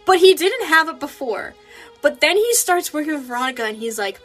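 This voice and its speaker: Animated high-voiced young woman chatting. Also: fairly quick, soft background music. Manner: animated, laughing, slips into mock voices. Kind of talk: casual chat.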